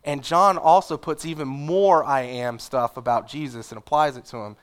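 A man's voice: mid-range voice, normal speed. A man preaching a sermon in a conversational, casual way, with asides and fillers. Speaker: pastor.

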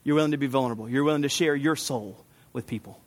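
A man preaching a sermon in a relaxed, conversational way, telling stories from home with quick asides. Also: mid-range voice. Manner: chatty, storytelling, with quick asides and laughs. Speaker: pastor.

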